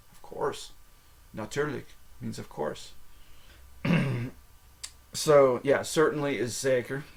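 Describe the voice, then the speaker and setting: An American man in an easygoing lesson podcast, saying each phrase twice and slowly. He mocks himself and breaks into laughs as he goes. His pitch sits right in the middle for a man. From United States. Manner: self-mocking, laughs often, repeats phrases slowly. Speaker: podcast host. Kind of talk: casual language lesson.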